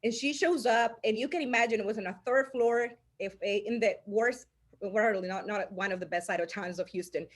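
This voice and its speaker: A woman's voice: mid-range voice, moderate pace. A woman with a Spanish accent, Spanish her first language, telling stories as a podcast guest with frequent laughter and restarts. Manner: animated storyteller, laughs often, restarts mid-sentence. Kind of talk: casual podcast storytelling.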